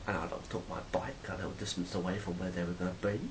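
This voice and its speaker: A man's voice: deep voice, flat delivery, fast talker, noisy background. A man telling stories in a rambling, casual monologue to a phone camera, swearing freely. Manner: rambling, swears freely, acts out quoted exchanges loudly. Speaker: vlogger.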